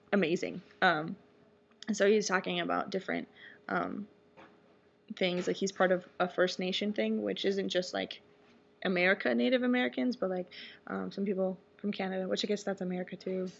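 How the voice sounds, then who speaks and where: A woman's voice: medium pitch, animated, normal speed, gravelly, long pauses, a little hiss or hum. A young woman telling a rambling personal story in a casual vlog, full of fillers and little asides. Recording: dull lo-fi webcam audio.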